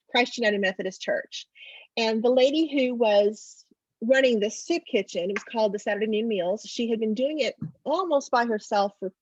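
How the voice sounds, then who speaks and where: A woman's voice: no room sound, muffled recording. A middle-aged woman from Oklahoma, an author, telling stories in a casual interview and acting out the dialogue. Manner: animated storyteller, acts out dialogue with big pitch jumps. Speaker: author guest.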